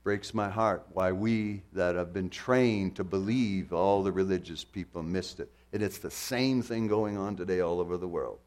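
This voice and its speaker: A man's voice: low-pitched, moderate pace, hardly any pauses. A man preaching a sermon with passion, firing rhetorical questions and repeating phrases for emphasis. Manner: impassioned, swings from loud to hushed, rhetorical questions, repetition.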